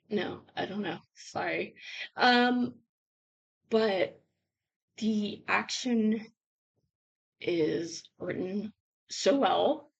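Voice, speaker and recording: A woman reviewing a book in a casual vlog, bubbly and chatty with lots of fillers, her voice hoarse and giving out. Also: mid-range voice, extremely slow, pauses often, lo-fi sound.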